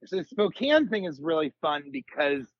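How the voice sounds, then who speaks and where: Rambling animated comedian, slightly high voice. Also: male voice, normal speed, dull audio. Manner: rambling, animated storyteller, jumps into high comic voices for quotes. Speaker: comedian guest. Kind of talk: casual podcast chat.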